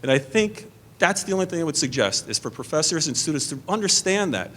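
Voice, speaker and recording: Brief: middle-aged male debater, earnest, slightly higher voice, restarts often. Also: big pitch swings, fast, a bit bright, slight background noise. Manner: earnest, repeats and restarts under pressure. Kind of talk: debate answer. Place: theatre stage at a podium.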